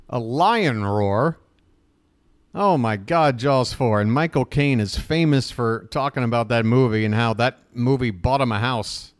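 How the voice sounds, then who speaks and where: A man hosting a live stream in casual chat, ranting with sarcasm and animated outbursts while reading chat names. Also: on the high side, dry recording, clean studio sound.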